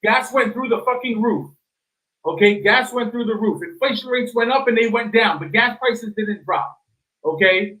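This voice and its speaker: High-pitched, emphatic man in a heated debate. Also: moderate pace, poor audio. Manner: loud, emphatic, swears. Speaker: panel guest.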